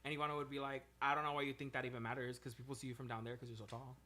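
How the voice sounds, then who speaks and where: A man, chatting casually on a podcast and telling profane, animated stories. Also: mid-range voice, very fast. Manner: profane, animated storytelling with put-on quotes. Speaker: podcast guest. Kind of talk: casual chat.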